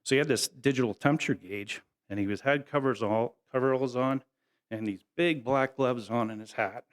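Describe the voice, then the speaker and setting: A middle-aged man at a memorial, speaking at a medium pitch. He tells folksy, humorous stories in an easygoing, unpolished way, full of small pauses. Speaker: family member giving a eulogy. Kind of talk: anecdotal memorial speech.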